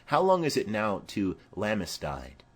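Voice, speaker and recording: A man reading as a chatty, doting old nurse in a storybook play, rambling on in a slow, lilting voice that rises and falls widely. Her pitch sits lowish. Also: huge pitch swings, breathy edge, full character voice.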